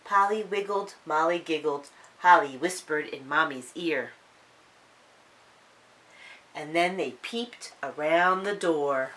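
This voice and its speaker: A woman reading a children's story aloud in a sing-song, expressive way. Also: low voice, slow, pauses often, a little hiss or hum.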